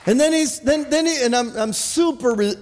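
A man's voice: very high voice, normal speed, big-room sound, a faint crowd, a little hiss or hum. A male pastor preaching a sermon in a church, talking animatedly with frequent restarts and calls of hallelujah and amen.

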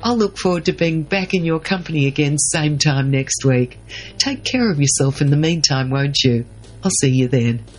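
A woman's voice: low voice, normal speed. A woman radio host with a nasal, stuffed-up voice, signing off and addressing listeners directly. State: nasal from a cold. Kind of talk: show sign-off.

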